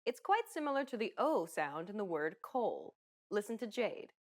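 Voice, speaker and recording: A woman narrating a pronunciation lesson in a clear, explanatory, encouraging way. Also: medium pitch, big pitch swings, normal speed.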